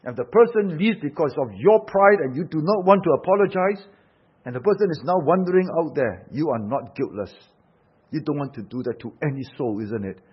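A man's voice: fairly high pitch, animated, a little fast, husky. A man preaching a sermon, emphatic, asking rhetorical questions and swelling and dropping his force. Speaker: pastor. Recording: dull lo-fi sound.

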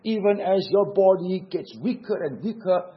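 A man's voice: sits high, moderate pace, dull audio. A man preaching a sermon in an earnest, emphatic way, repeating key words for weight. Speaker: pastor.

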